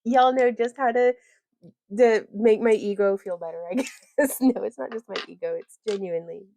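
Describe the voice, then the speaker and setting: A woman's voice: fairly high pitch, normal speed, mellow, slight background noise. A woman hosting a casual crafting livestream, rambling, giggling often and reading viewer comments aloud.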